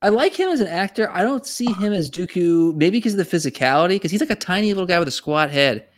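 A man co-hosting a casual podcast discussion, animated and talking in quick restarts and repeated words. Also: high-pitched, dry recording, clean studio sound. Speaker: podcast co-host.

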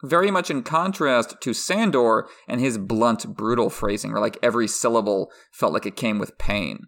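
A man co-hosting a podcast, reading prepared literary analysis in a measured way. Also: medium pitch, gravelly, fairly bright tone. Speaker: podcast co-host.

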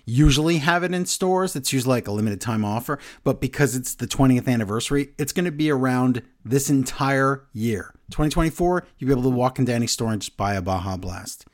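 A man hosting a casual wrestling podcast, recapping the show in excited, animated bursts. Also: medium pitch, a little fast, hardly any pauses. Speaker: podcast host.

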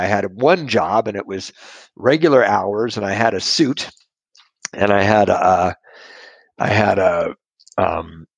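A middle-aged man tells a long personal story in a conversation, wandering off course and poking fun at himself. His voice is low, gravelly and husky. The sound is dry and close, with no room echo. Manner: rambling and self-deprecating, with frequent restarts and chuckles.

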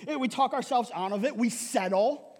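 A male pastor preaching a sermon in a lively way, often asking "right?" and laughing. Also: extremely high pitch, normal speed, long reverb tail. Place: church hall.

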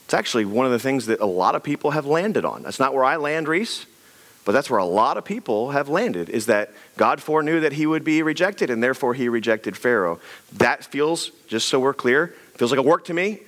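A middle-aged man, a pastor giving a conversational sermon full of rapid rhetorical questions. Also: mid-range voice, sing-song, a bit bright.

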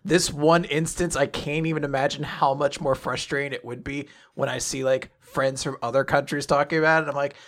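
A man's voice: on the high side, steady tone, a little fast, few pauses, a bit bright. A man co-hosting a podcast in casual chat, joking, laughing often and swearing freely. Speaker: podcast co-host.

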